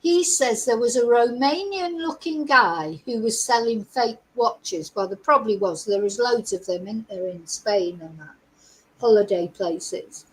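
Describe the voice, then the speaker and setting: A woman's voice: fairly high pitch, fairly bright tone, poor audio. A middle-aged woman, hosting a chatty live-stream commentary, reading out news and asking her viewers rhetorical questions. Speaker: host.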